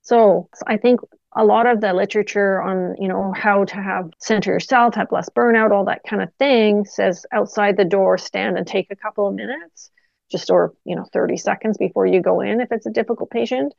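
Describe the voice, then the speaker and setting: Gravelly-voiced woman telling clinical stories. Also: mid-range voice, normal speed, no room sound, lo-fi sound. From Canada. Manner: animated anecdotes with quoted dialogue. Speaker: physiotherapist guest. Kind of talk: casual interview storytelling.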